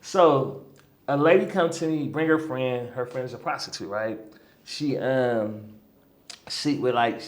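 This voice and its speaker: A man telling a story as a guest in a casual interview, animated, often checking in with "right?" and "you know what I'm saying?". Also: mid-range voice, measured pace. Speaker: guest healer.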